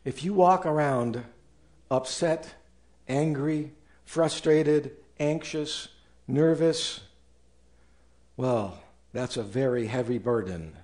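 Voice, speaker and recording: A man's voice: medium pitch, takes it slowly, pauses often, darkish tone. A male pastor preaching a sermon with emphasis, acting out listeners' objections in raised voices.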